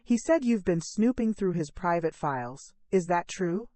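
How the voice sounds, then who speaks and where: A woman's voice: on the low side, animated, normal speed, warm tone, no echo, close to an everyday voice. A woman voicing a cold, angry adult son. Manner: tight, clipped, accusing. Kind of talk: audio story narration.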